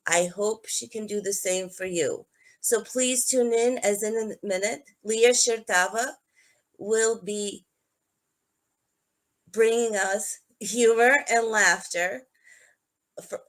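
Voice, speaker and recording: A woman's voice: mid-range voice, takes it slowly, long pauses. A woman hosting a live-streamed talk show, telling personal stories in an earnest, conversational way. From Georgia. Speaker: host. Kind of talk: live-stream podcast chat.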